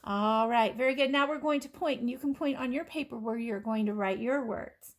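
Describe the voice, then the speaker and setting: A woman teaching kindergarten children phonics, sounding out letters and words slowly and clearly in a patient, encouraging way. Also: a little high, a little hiss or hum. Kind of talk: phonics lesson for young children.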